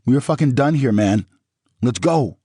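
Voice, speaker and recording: A man's voice: mid-range voice, expressive, moderate pace, mellow, slightly rough, no room sound, studio quality, voice pushed up. A man voicing a panicky male friend urging everyone to leave. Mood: urgent pleading. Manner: urgent, pleading.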